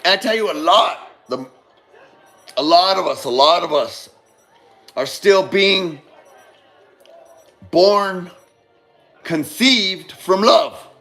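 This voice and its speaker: Slow-talking high-voiced man musing. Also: fairly bright tone, some chatter behind. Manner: rambling, repeats and restarts phrases, swears, addresses listeners as brother. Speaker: speaker giving a monologue on love. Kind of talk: casual motivational talk.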